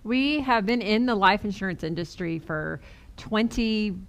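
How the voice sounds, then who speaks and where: A middle-aged woman with a smooth, clear voice, co-hosting a casual podcast. She talks earnestly and reflectively and often pauses on "um." Her pitch sits in a middle range. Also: animated. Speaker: podcast co-host.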